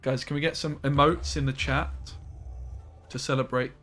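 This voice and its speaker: A young man streaming a card game, chatting excitably to his viewers and breaking into loud, surprised yelps. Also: medium pitch, moderate pace, soft background music. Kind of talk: live-stream commentary.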